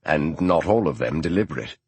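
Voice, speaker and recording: A man narrating an audiobook, voicing a reserved male detective who speaks coolly and in a measured way. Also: very deep voice, lively intonation, a little mellow, slightly rough, no echo, exaggerated voice. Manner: cool and measured.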